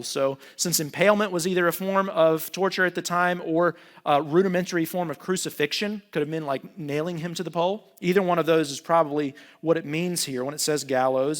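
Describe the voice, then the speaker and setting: High-voiced conversational male preacher. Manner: conversational, animated, jokes with the congregation. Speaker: pastor. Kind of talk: sermon.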